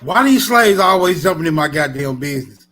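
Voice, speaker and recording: A man's voice: fairly high pitch, lively intonation, brisk, fairly bright tone. A man from Texas in a heated online debate, mocking and provocative, repeating his taunts.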